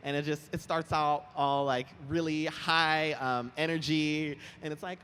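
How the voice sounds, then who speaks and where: A young man chatting as an interview guest on a convention stage, animated and quick to laugh, telling his stories with lively put-on voices. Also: a little high, a little hiss or hum. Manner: animated, giggly, lively storytelling. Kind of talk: casual chat on stage. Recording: roomy hall with faint ambience.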